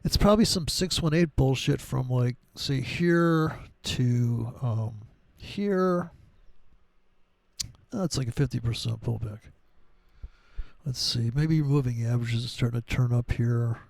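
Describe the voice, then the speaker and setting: A man's voice: mid-range voice, a little slow, creaky, a little mellow, no room sound. A middle-aged man giving casual, profane, wisecracking commentary on trading charts, wandering off on tangents.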